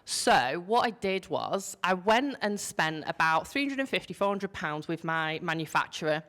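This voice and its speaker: Yorkshire woman, panel guest, lower-pitched, chatty storyteller who acts out quotes and drops the odd swear. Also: expressive, moderate pace, a bit bright. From Yorkshire, England. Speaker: panel guest, business founder. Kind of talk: casual anecdote on a panel.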